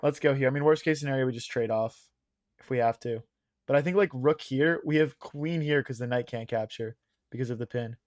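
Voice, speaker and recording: A man's voice: medium pitch, brisk, no echo. A young male streamer talks through chess moves in a loose, chatty way, calling his viewers guys. His voice is a little worn from hours of talking. The sound is dry and close, with no room around it. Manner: thinks aloud, chatty, addresses chat as guys. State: losing his voice. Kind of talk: casual live-stream commentary.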